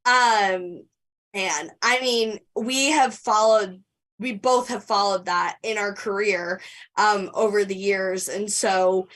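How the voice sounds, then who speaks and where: A woman's voice: mid-range voice, slow, a bit bright, distant mic. A woman podcast co-host chatting casually in an interview, rambling with many fillers and restarts.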